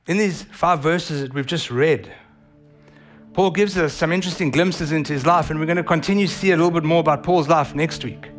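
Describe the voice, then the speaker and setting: South African male pastor, high-pitched, animated preaching over faint music. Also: a little fast. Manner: animated, acts out voices of others. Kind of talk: sermon.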